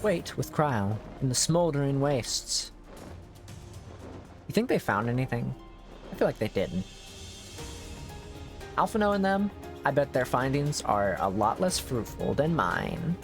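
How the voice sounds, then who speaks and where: A man's voice: mid-range voice, sing-song, a little slow, pauses often, music in the background. A man streaming a game, chatting casually and joking with its characters. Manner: jokey, chats with game characters. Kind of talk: casual gameplay commentary.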